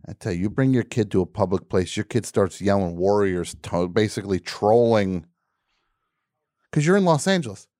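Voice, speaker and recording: Grumbling radio host with a low voice. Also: male voice, animated, moderate pace, warm tone, no echo, studio quality. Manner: grumbling, exasperated storytelling with mock outrage. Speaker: radio call-in show host. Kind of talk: comedic call-in radio rant.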